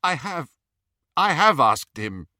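Bitter, anguished grown man, played by a man reader; strained, raised pitch, dry studio sound. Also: sing-song, takes it slowly, no echo, full character voice. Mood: pleading. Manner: pleading, strained, bursting into shouts. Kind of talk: audiobook character reading.

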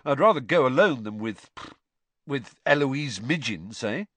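A man's voice: mid-range voice, lively intonation, a little slow, a bit bright, no room sound, voice pushed up. A male narrator voices a lazy, grumbling teenage schoolboy in a storybook reading. He sounds offhand and a little bitter, with a dry, close sound.

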